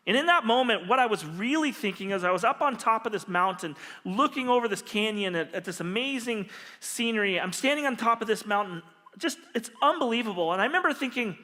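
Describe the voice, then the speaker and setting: Bright-voiced male pastor in a reverberant hall. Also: very high-pitched, brisk. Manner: animated, humorous storyteller. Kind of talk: storytelling sermon. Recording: long reverb of a large hall.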